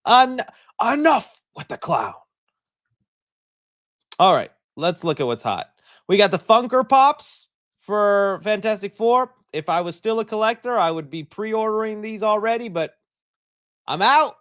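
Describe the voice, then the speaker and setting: A man's voice: high-pitched, lively intonation, normal speed, fairly bright tone, clear, resonant tone, no echo, clean studio sound. A young man hosting a live stream, chatting casually, joking and laughing often as he rambles.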